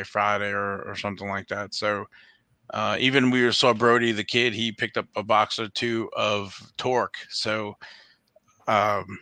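A man's voice: mid-range voice, sharp tone, dry recording. A man in casual chat, rambling with many fillers and acting out what others said. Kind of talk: casual chat about trading cards.

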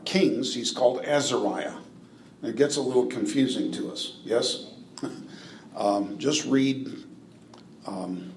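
A man's voice: medium pitch, slight background noise. Chatty man teaching a Bible class. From United States. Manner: conversational, with fillers, asides and rhetorical questions to the class. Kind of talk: classroom lecture.

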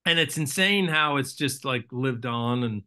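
A man's voice: mid-range voice, animated, unhurried, pushed and bright. A man, an actor guest in a casual interview, rambling through stories with self-deprecating jokes.

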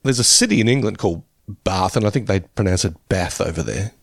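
A man's voice: low-pitched, expressive, fairly quick, vocal fry, no room sound, clean studio sound. A man with an Australian accent co-hosting a podcast, chatting casually and making wry jokes. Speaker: podcast co-host. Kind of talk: casual chat.

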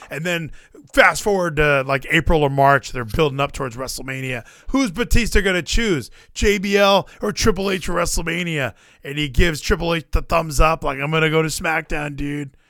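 A man with a bright, forward voice and a gravelly rasp tells a story in a loose, casual chat. The recording is close and dry, with no room sound. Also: a little high, moderate pace, dry recording. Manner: animated storytelling, filler words.

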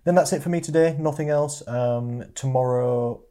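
A man's voice: medium pitch, moderate pace, mellow, clean tone. Easygoing teasing man. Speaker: podcast co-host and personal trainer. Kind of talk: casual comedy chat.

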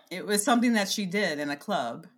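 Woman co-host, lower voice, wry storyteller, casual podcast chat. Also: expressive, moderate pace. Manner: wry, storytelling, laughs while talking.

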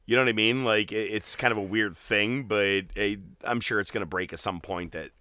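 A man's voice: lowish voice, brisk, no echo. A man, casually recapping wrestling on a podcast and animatedly acting out what people said, swearing freely. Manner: animated storytelling, swears freely, acts out quotes. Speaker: podcast co-host.

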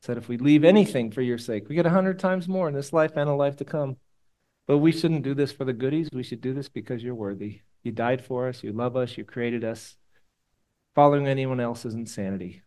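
A male pastor delivering a sermon, moving between loud exhortation and quiet, hushed prayer. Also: mid-range voice, brisk. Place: church room with congregation.

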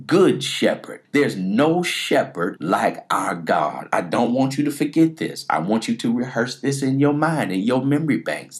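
A man preaching a sermon, emphatic, repeating key phrases and sometimes dropping to a near-whisper. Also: mid-range voice.

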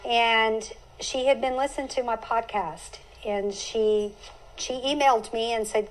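Slow, earnest middle-aged woman teaching scripture. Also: a little high, fairly even intonation, poor audio. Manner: earnest, heartfelt, with homey sayings. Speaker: Bible teacher and podcast host. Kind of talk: podcast Bible teaching.

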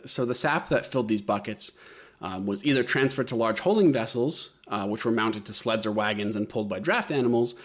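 A man's voice: fairly low pitch, fairly quick. Man casually explaining history. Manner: explanatory, hesitant with fillers. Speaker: presenter of a history topic. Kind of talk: casual podcast chat.

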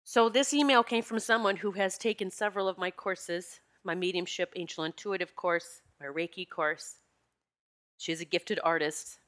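This podcast host and spiritual teacher has a lowish, slightly bright voice and talks at a normal speed. Her personal story comes out heartfelt and emotional, and she sniffles, tearful, trying not to cry.

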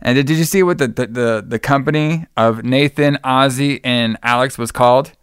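A man recaps a movie for a podcast and throws in constant profanity and silly character voices. His voice is smooth and clear, and it is recorded dry and close. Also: moderate pace, fairly bright tone, no echo. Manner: profane, joking, acts out characters in a high voice. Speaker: podcast host. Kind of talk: casual movie recap chat.

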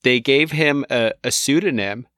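A man's voice: mid-range voice, unhurried, bright, forceful tone, no echo, clean studio sound. Enthusiastic male podcast co-host. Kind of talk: casual music podcast chat.

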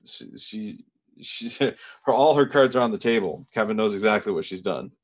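A man co-hosting a podcast, casually recapping a TV episode from his notes in a relaxed, measured way. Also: on the low side. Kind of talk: casual chat.

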